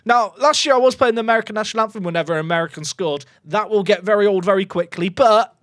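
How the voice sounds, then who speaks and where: A young man streaming a football management game, talking to his chat in an excitable, jokey way that swings from loud cheering to muttered asides. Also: high-pitched, fast talker, dry recording, studio quality. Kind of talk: live gameplay commentary to chat.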